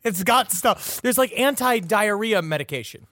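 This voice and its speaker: A man's voice: high-pitched, lively intonation, moderate pace, sharp tone, no room sound, clean studio sound. A man co-hosting a podcast, riffing in casual comedic chat with mock-serious jokes. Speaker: podcast co-host.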